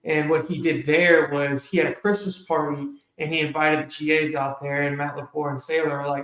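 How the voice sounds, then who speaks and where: A man's voice: fairly high pitch, level tone, a little fast, few pauses, fairly bright tone. A man co-hosting a casual sports podcast, ranting heatedly and telling stories. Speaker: podcast co-host. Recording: echoey room.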